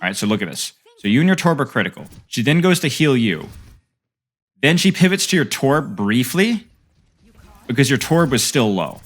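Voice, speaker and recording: A man's voice: medium pitch, very animated, moderate pace, fairly bright tone. A young man coaching a player through game footage, trading playful banter with his stream chat between tips.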